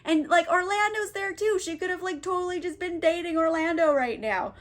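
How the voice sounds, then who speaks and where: A woman recapping a play in a casual comedic way, rambling, exasperated and laughing, high. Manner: rambling, exasperated, laughing, acts out quick character voices. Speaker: book reviewer.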